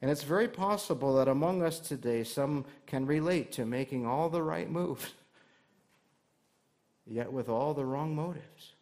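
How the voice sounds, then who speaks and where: Man, pastor, slightly high voice, conversational sermon, rhetorical questions, light humor. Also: a little slow, darkish tone.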